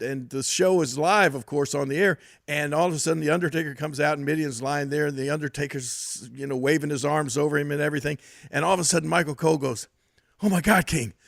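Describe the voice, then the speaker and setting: Gravelly older Southern host, slightly high, animated storyteller. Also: male voice, no room sound, clean studio sound. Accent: Southern US, Memphis. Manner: animated storyteller, chuckles often. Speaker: podcast host. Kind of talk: casual chat and storytelling.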